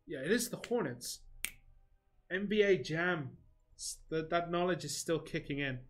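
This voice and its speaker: A man's voice: a little high, unhurried. A man hosting a game livestream, chatting casually and answering viewers between comments on the game. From England.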